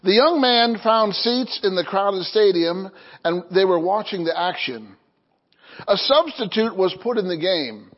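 A pastor with a notably high voice delivers a sermon, mixing light jokes with scripture. He chuckles easily and keeps checking in with his congregation. The recording is somewhat dull and lo-fi. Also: expressive, measured pace. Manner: chuckles through jokes, calls "amen?" to the congregation.

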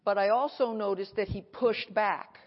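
A woman pastor preaching an animated sermon at a conference and acting out her dialogue, recorded in an echoey hall. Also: medium pitch, normal speed. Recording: echoey hall, dull sound.

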